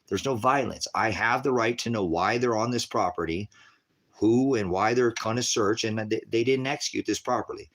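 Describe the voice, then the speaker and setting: A man's voice: lowish voice, moderate pace, fairly bright tone. A middle-aged man, a veteran, commenting on his own livestream footage in a rambling, profane and intense way. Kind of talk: emotional video commentary.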